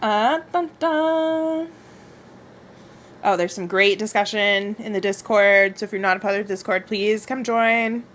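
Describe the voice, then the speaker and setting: A young woman reads viewer comments and gushes while hosting a casual livestream book club through a wireless mic, often repeating her phrases. Her medium-pitched, slightly bright voice shows little pitch movement, at a moderate pace with few pauses.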